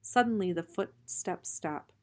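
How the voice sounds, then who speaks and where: Calm woman reading a novel aloud. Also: on the low side, unhurried. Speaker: reader.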